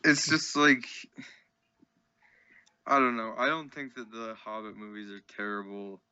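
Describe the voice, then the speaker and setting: A young man with a bright, crisp voice explains his points earnestly in a casual podcast chat and often finishes his friend's sentences. The audio is dull and lo-fi. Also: lowish voice, a little slow. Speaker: podcast co-host. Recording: dull lo-fi sound.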